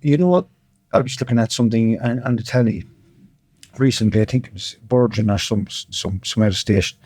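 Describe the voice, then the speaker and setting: A man's voice: medium pitch, fairly quick, darkish tone, slightly rough, dry recording. A man with a Cork accent hosting a podcast, chatting casually and asking his guest follow-up questions. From Ireland. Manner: conversational, asks follow-up questions. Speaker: podcast host. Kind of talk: casual chat.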